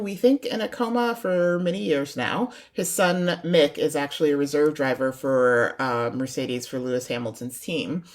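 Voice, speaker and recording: A woman with a notably low-pitched voice talks as a podcast guest. She lays out her opinions casually, speculating freely and chuckling along the way. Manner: opinionated, speculative, laughs while telling. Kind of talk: casual chat.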